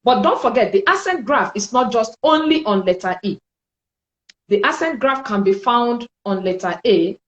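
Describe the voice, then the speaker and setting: A woman teaching French in a spoken lesson, explaining slowly and deliberately and repeating sounds for her learners. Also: on the high side, lively intonation, roomy sound, dull audio.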